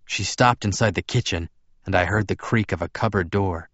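A man reading a novel aloud in first person, calm and restrained. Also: low voice, normal speed, no room sound. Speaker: audiobook narrator. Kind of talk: first-person fiction narration. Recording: slightly dull dry studio recording.

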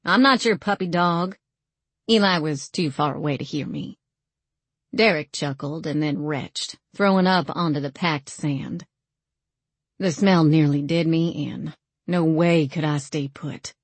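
A woman narrating a first-person novel in a wry, measured way, recorded on a close studio mic. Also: low-pitched, dry recording. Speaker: audiobook narrator.

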